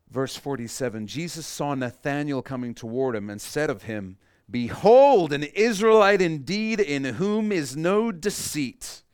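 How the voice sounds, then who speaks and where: A man's voice: fairly high pitch, smooth, dry recording, clean studio sound. A man preaching a sermon in an easygoing, conversational way, acting out quoted lines as he reads and explains verses. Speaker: pastor.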